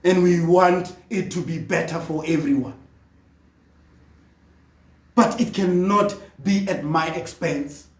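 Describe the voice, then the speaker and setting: A speaker from Africa, delivering an impassioned political monologue that often rises to a shout. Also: medium pitch, slow pace, pauses often, echoey room, far from the mic. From South Africa. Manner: fervent, often rising to a shout.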